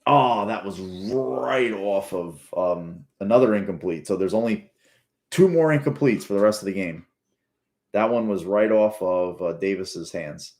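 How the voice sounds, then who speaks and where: A man's voice: on the low side, a little slow, darkish tone. A man giving casual, rambling, profane commentary while rewatching a football game. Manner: rambling, profane, restarts often. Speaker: sports fan commentator.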